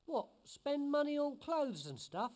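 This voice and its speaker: An actor voicing a sly, cheeky street beggar in a video game, with a whining, pleading cadge. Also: male voice, very high voice, big pitch swings, a little slow, a little mellow, heavily acted. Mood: cadging.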